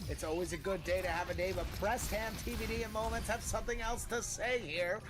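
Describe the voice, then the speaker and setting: High-voiced man calling esports plays. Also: over music. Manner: hype-driven, quick calls of plays and player picks. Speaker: esports caster. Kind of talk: play-by-play esports commentary.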